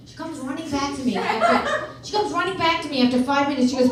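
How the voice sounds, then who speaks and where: A woman's voice: high-pitched, quick pace. Brash woman doing stand-up in an echoey club. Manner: brash, deadpan punchlines, loud crowd work. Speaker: stand-up comedian. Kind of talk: stand-up comedy set. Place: comedy club stage. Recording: echoey club from far off, loud crowd. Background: audience laughing and reacting.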